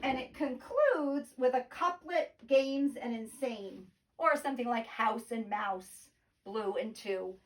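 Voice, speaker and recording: A woman's voice: fairly high pitch, lively intonation, slow, distant mic. A woman teacher giving a remote poetry lesson from home, explaining patiently and tapping out rhythms aloud.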